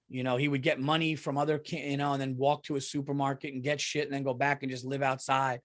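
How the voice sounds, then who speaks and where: A middle-aged man hosting a solo comedy podcast, retelling a movie with profane, animated outrage that drops to mumbling asides. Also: medium pitch, moderate pace. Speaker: podcast host.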